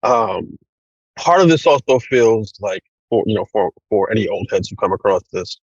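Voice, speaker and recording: A man co-hosting a podcast, adding measured commentary with a dry sense of humor. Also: fairly low pitch, expressive, dry recording. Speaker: podcast co-host, branding professional. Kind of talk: casual conversational commentary. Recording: dull, dry lo-fi sound.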